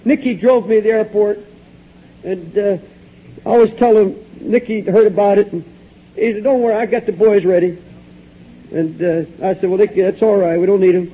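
A man preaching a sermon, fervently retelling a story with quoted dialogue, swinging from hushed low passages to high, urgent ones. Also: fairly even intonation, moderate pace, slightly rough. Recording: dull lo-fi old recording.

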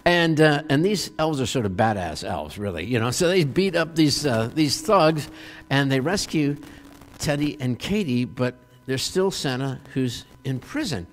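A man preaching a sermon, retelling a film as a story in an animated way, with many fillers and restarts. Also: medium pitch, a little slow, big-room sound. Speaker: pastor.

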